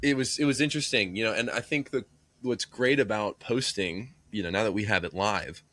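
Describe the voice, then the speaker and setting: A man co-hosting a podcast in casual chat, telling animated, joking stories. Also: lowish voice, fairly quick, no echo. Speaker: podcast co-host. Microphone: earbud in one ear.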